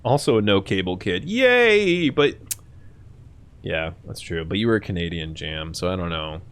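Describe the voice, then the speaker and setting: A young man hosting a live stream, chatting casually with his chat in a profane, animated way and often jumping into shrill mock voices. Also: brisk.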